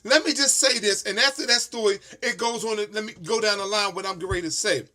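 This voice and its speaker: A man's voice: high voice, fast, bright, forceful tone. A man telling a story in a sassy, emphatic rant full of swearing. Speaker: vlogger.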